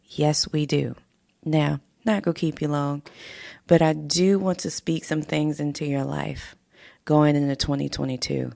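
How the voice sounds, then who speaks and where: A woman's voice: deep voice, fairly even intonation, measured pace, creaky, dark tone, dry recording, studio quality. A woman hosting a podcast, speaking heartfelt and slightly emotional, laughing often as she talks. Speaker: podcast host. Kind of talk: casual motivational podcast talk. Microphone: podcast microphone in a home studio.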